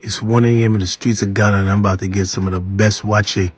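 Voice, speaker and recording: Husky, low-voiced man narrating a food vlog. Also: flat delivery, fast. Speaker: travel vlogger. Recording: dull, lo-fi audio.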